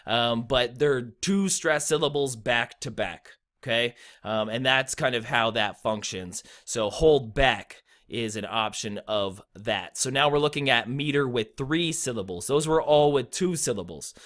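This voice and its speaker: Bright-voiced casual rap teacher, a man. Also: medium pitch, a little slow, few pauses. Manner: laid-back, enthusiastic, blunt, frequent ums. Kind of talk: casual explainer video.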